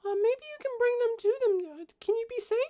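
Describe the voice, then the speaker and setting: A woman voicing a timid, trusting young halfling boy who answers slowly and hesitantly. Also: extremely high pitch, warm tone, voice pushed up. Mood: innocent. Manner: slow, hesitant, childlike answers.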